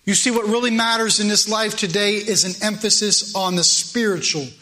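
A man's voice: high-pitched, steady tone, moderate pace, pushed and bright. A male preacher delivering a morning sermon, emphatic and repeating phrases for weight.

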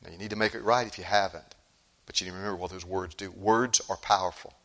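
A male pastor preaching a sermon emphatically, repeating phrases and swinging from loud outbursts to hushed tones. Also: low voice, fairly even intonation, fast.

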